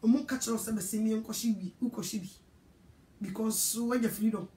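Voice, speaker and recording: High-voiced Ghanaian woman preaching. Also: steady tone, brisk, dark tone, roomy sound. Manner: scolding, emphatic preaching. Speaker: evangelist. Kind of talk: sermon.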